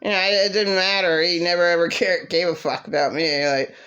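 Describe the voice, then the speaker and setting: A woman ranting angrily about her past, bitter and swearing, now and then mocking others in a shrill voice. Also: steady tone, brisk, a bit bright, smooth, muffled recording. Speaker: vlogger. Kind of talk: angry personal rant.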